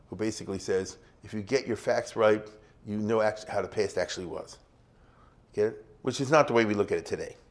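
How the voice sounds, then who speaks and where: Middle-aged male lecturer, lowish voice, chatty classroom style, keeps checking students follow. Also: darkish tone. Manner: conversational, checks in with "you see?" and "you get it?".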